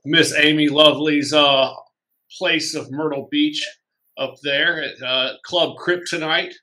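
A man's voice: fairly high pitch, fairly even intonation, slow, bright, forceful tone. A young man speaking on a podcast panel in an offhand, conversational way. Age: young adult. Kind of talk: casual podcast chat.

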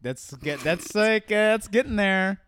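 A man's voice: sits high, lively intonation, unhurried, a bit bright, no room sound. A man in casual podcast chat, thinking aloud with many restarts and asking wry questions.

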